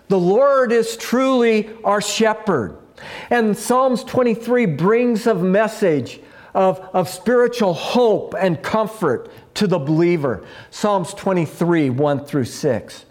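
Man preacher, higher-pitched voice, unhurried measured sermon delivery. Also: a little mellow. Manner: slow, measured preaching with dropping phrase ends. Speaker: pastor.

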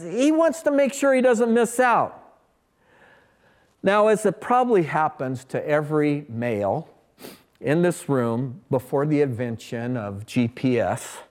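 High-voiced man preaching a folksy sermon. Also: a little mellow. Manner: folksy, emphatic preaching with humorous asides. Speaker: pastor.

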